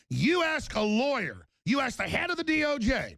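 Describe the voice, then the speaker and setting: A male talk radio host holds forth in a heated, insistent rant and hammers his points again and again. His voice sits fairly high and has a rough, gravelly edge. The sound is close and dry. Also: sing-song, fairly quick, hardly any pauses, fairly bright tone, dry recording. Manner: heated, emphatic ranting with repetition.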